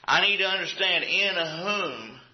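A man leads a Bible lesson in a classroom, speaking in a relaxed, conversational way and quizzing the students. He keeps checking that they follow along. The recording is dull and lo-fi, with a roomy echo around the voice. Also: high-pitched, unhurried. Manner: conversational, checks in with frequent "Okay?"; poses questions to the class. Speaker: Bible teacher. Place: classroom with a chalkboard.

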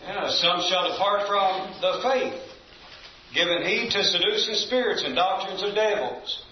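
A man's voice: high voice, unhurried, slight background noise. A man teaching a Bible study in a church building, reading scripture aloud, stressing key phrases and quizzing the class with questions. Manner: emphatic, reads scripture aloud. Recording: echoey room, distant mic, dull lo-fi.

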